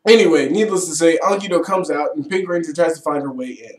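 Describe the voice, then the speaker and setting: Excitable man recapping an episode, echoey room. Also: fairly high pitch, fast talker. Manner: enthusiastic, swearing, laughing often. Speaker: episode reviewer. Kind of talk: casual recap review.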